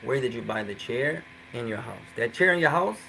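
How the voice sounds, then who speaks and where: A man's voice: mid-range voice, animated, brisk, creaky, sharp tone, slight background noise, poor audio. A man teaching a live online Arabic class, coaxing his students and slipping Arabic phrases into English explanations.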